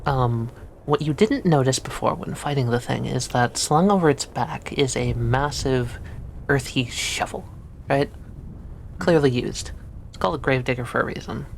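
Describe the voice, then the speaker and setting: A woman narrating as game master for a tabletop game, describing scenes in a relaxed way with many fillers. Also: extremely low pitch, normal speed, creaky, a little hiss or hum.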